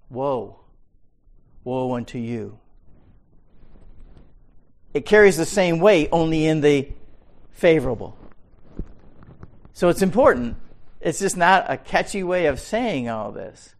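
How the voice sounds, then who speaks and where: A man teaching a Bible study sermon, emphatic and repeating his key words, swinging from quiet asides to loud pronouncements. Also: fairly high pitch, creaky.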